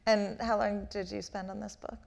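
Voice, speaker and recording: A woman leads an onstage talk in a theater at a middle pitch, chatty and laughing often. Her voice comes through a stage microphone. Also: level tone, normal speed, vocal fry. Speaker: interviewer, moderator. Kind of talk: casual onstage conversation. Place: theater stage before a live audience.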